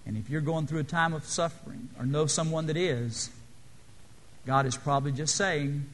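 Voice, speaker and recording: A man preaching a sermon in an earnest, exhorting way, then praying softly. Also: fairly high pitch, normal speed. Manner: earnest, exhorting, quiet in prayer.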